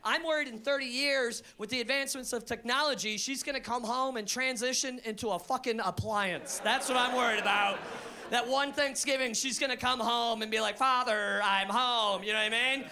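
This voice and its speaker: High, bright-voiced profane stand-up comic. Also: male voice, a little fast. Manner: animated, profane, shouts punchlines. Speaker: stand-up comedian. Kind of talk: live stand-up routine. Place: comedy stage before a live audience.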